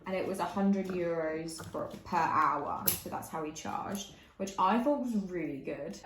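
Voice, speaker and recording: A young woman chats through a holiday-style story, her sentences strung together with "like" and quick laughs. Her voice sits a little low for a woman. The room around her is bare and echoey, with a faint hiss underneath. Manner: chatty, heavy use of "like", laughs often. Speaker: vlogger. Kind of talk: casual storytelling chat.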